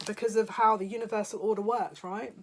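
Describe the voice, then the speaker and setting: A woman's voice: medium pitch, steady tone, brisk. A woman giving a spiritual psychic reading to her viewers, talking in an emotional way. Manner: emotional, laughing, tearful at moments. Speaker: psychic reader. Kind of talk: spiritual card reading to camera.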